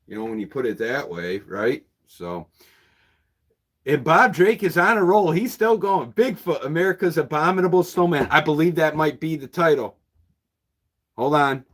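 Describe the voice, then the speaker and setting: A man's voice: on the high side, big pitch swings, unhurried, long pauses, fairly bright tone. A man who runs a used bookshop, chatting casually and at a rambling pace with viewers on a livestream, chuckling often.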